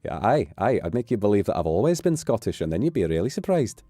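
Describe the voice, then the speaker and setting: A man with an English accent chatting casually on a stream, rambling from joke to joke. His low, warm, mellow voice swings widely in pitch as he gets animated. The sound is dry and close. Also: fast, hardly any pauses, dry recording, faint music behind. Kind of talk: casual chat.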